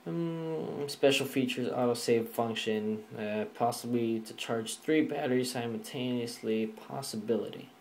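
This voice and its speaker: A man vlogs an offhand, rambling walkthrough of a phone app in a screen recording, using fillers and the occasional swear word. His medium-pitched voice is fairly even, he speaks at normal speed with hardly any pauses, and there's slight background noise.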